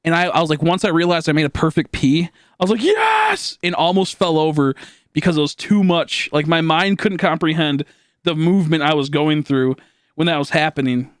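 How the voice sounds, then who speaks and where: A young man streaming live, telling a long story in a rambling, animated way with lots of fillers and swearing, acting out his own shouts. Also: a little high, brisk, clear, resonant tone, no echo, studio quality. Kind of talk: casual storytelling to a live chat.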